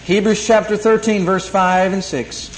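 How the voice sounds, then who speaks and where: A man's voice: high voice, steady tone, unhurried, slight background noise. A man preaching a sermon, quoting scripture and repeating key lines with emphasis. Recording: echoey room, 1982 tape.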